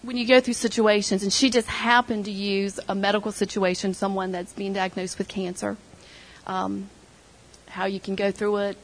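A woman's voice: mid-range voice, flat delivery, moderate pace, rough recording. A middle-aged woman sharing an emotional personal testimony with her church group, retelling conversations as she goes. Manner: emotional storytelling, quoting others.

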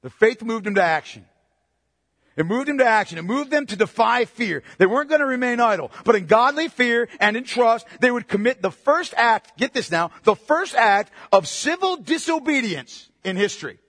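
High-voiced man preaching a sermon. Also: lively intonation, normal speed, fairly bright tone, dry recording, clean studio sound, in a large hall. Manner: emphatic, repeats phrases for stress, asks the congregation questions. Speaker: pastor.

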